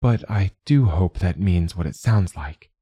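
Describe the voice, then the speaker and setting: A serene, solemn woman of the sea folk, as a male narrator voices her, soft-spoken and calm with a dry, teasing edge. The voice stays husky and low, close and dry. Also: unhurried, no echo, full character voice.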